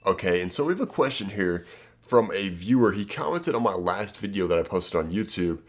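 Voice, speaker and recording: A man with a low, expressive voice speaks briskly, coaching viewers on dating straight to camera. His advice is casual and emphatic, and he keeps checking in with "okay?" and "right?".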